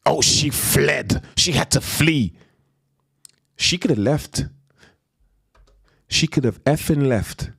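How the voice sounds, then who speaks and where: A man's voice: fairly high pitch, animated, takes it slowly, long pauses, fairly bright tone, slightly rough, no room sound. A man ranting on a live stream in a heated, emphatic way, repeating slang tags as he goes.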